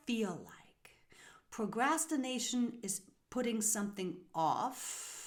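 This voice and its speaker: Woman, spiritual podcast host; slow, calm, soothing delivery with soft whispered asides. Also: medium pitch. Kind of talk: spiritual self-help podcast talk.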